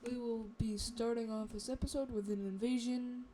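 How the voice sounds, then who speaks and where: A woman's voice: fairly high pitch, steady tone, normal speed, warm tone, slight background noise. A woman casually narrating a map series in a rambling, self-mocking way, joking as she goes. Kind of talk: casual commentary over a map.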